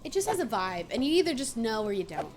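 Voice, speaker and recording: High-voiced chatty American woman streamer. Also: very animated, fast, background noise. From United States. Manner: chatty and playful, laughs often. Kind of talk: casual gaming stream chat.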